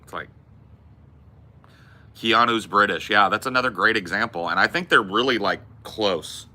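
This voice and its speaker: A man's voice: lowish voice, normal speed, pushed and bright. A man hosting a podcast, rambling casually and bluntly with plenty of swearing. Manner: rambling, profane, blunt movie opinions. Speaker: podcast host. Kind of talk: casual chat.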